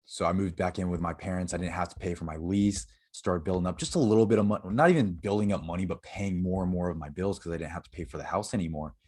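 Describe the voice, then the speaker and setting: Deep-voiced young man telling his story. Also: darkish tone, husky. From Florida. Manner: candid, halting, many fillers and restarts. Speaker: podcast guest. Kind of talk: personal storytelling interview.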